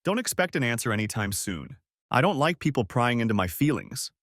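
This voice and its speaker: A man's voice: mid-range voice, very animated, fairly quick, fairly bright tone, no echo, studio quality. A man voicing a bitter, guarded middle-aged husband who speaks curtly and harshly. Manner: curt and harsh.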